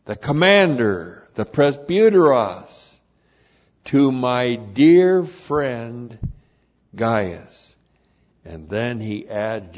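Slow, emphatic man preaching a sermon. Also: medium pitch, a little mellow, muffled recording. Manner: slow, emphatic, repeats key words, spells out Greek terms. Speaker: pastor. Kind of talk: expository sermon.

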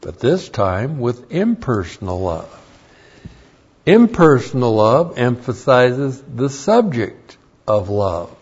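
Slow preacher guy going over bible verses, repeats himself a lot, kinda dull lo-fi tape sound. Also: mid-range voice, very animated, a little mellow, breathy edge. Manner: slow, deliberate, repeats key phrases. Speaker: Bible teacher. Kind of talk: sermon. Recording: dull lo-fi recording.

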